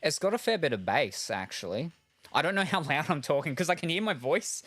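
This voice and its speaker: A man's voice: mid-range voice, sing-song, a little fast, fairly bright tone. A man chatting casually on a live stream while unboxing, rambling and chuckling between remarks, on a headset.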